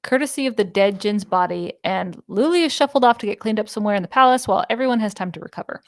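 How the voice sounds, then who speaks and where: A woman co-hosting a book podcast, briskly recapping the plot with wry, dry sarcasm. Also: mid-range voice, lively intonation, dry recording. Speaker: podcast co-host. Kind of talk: casual book-club chat, summarizing plot.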